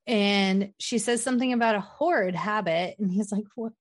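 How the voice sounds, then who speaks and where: A woman's voice: medium pitch, normal speed, dry recording. Young female podcast co-host, chatty recap style, dry close recording. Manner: animated retelling, acts out character lines. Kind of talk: casual movie recap chat.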